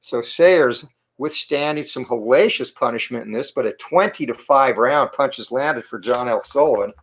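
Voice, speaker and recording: A man's voice: mid-range voice, a bit bright. Man calling a tabletop boxing game. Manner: calls each dice roll and punch count in quick clipped phrases. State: slightly hoarse morning voice. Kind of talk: play-by-play sports commentary.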